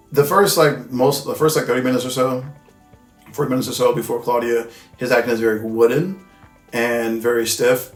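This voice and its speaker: A man recapping and reviewing a film in loose, casual talk, full of slang and swearing. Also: mid-range voice. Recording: echoey room with faint music.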